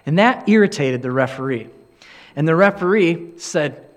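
A man's voice: fairly high pitch, lively intonation, a little slow. A middle-aged man preaching a sermon in an earnest, conversational way, telling a story and acting out the quoted lines.

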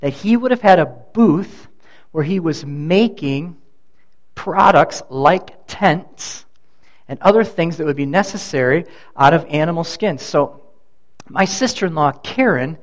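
A middle-aged man preaching a sermon, his voice pitched a little above the usual for a man. He speaks conversationally rather than formally and often turns aside to speak to people in the congregation by name. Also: lively intonation, a little slow. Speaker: pastor.

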